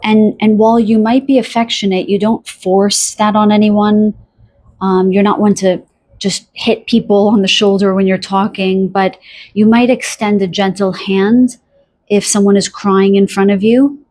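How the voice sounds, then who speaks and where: A woman giving a pick-a-card tarot reading, talking softly and dreamily to the listener, with many fillers, pauses and restarts. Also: medium pitch, flat delivery. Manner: addresses the listener directly. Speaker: tarot reader.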